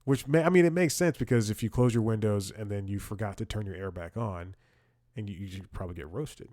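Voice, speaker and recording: A man's voice: on the low side, a little fast, darkish tone, no room sound, studio quality. A young man hosting a comedy podcast, telling a rambling story and often chuckling and restarting his sentences. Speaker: podcast host. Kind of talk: casual comedic monologue.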